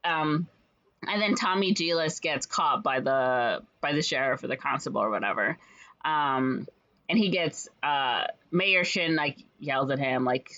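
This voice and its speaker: A woman casually retelling a story's plot in a rambling way, full of fillers and quick quoted voices. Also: extremely low pitch, sharp tone. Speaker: podcast co-host retelling a musical's plot. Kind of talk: casual chat. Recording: slightly dull lo-fi audio.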